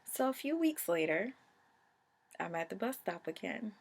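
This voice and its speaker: A young adult woman vlogger telling a personal story in a casual, animated, emotional way. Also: medium pitch, a little slow, vocal fry, husky.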